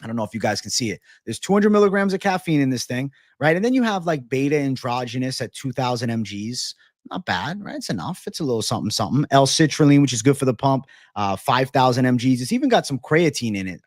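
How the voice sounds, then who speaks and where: A man's voice: medium pitch, no echo, studio quality. A young man hosting a casual livestream, swearing freely and calling everyone "bro" as he reads and answers chat comments. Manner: profane, loose, repeats "bro" constantly. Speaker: livestream host.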